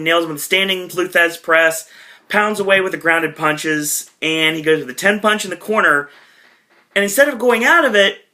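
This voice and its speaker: A man's voice: sits high, bright, forceful tone. A man giving a casual, chatty recap monologue as a podcast reviewer, with frequent asides to his viewers.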